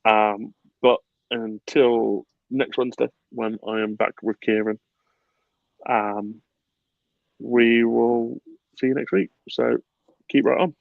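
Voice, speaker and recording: A man hosting a casual football podcast, animated and swearing freely, with bursts of laughter. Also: lowish voice, slow pace, creaky, long pauses, no room sound, narrow, tinny audio. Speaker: podcast host.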